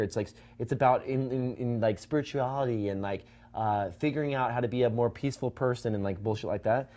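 A man hosting a casual chat show, rambling excitedly through an idea with many "like"s and restarts. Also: medium pitch, fairly quick, hardly any pauses. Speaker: show host.

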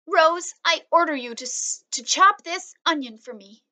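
A woman's voice: very high voice, measured pace, bright, forceful tone, pitched above the performer's own voice, heavily acted. A woman playing a bossy little girl. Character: cheerful young girl, bossy and playful.

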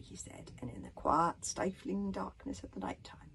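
A woman reading her own children's book aloud, dramatic and often dropping to a hush. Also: on the low side, wildly swooping pitch, normal speed, gravelly, whispered, poor audio. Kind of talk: storybook reading.

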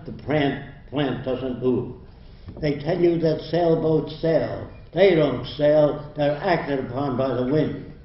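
An older man giving a university lecture in a blunt, emphatic, lecturing manner. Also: medium pitch. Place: lecture hall. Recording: roomy, dull lo-fi hall recording.

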